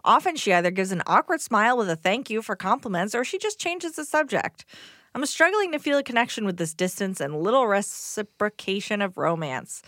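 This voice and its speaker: A woman's voice: medium pitch, lively intonation, a little fast, a bit bright, no room sound, clean studio sound. A woman from the United States co-hosting a podcast, reading a listener's letter aloud in an easygoing, plain way. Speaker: podcast co-host.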